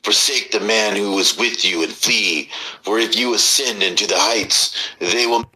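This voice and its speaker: A man reading an old scripture text aloud in a steady, measured recital. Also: on the low side, rough recording. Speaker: reader.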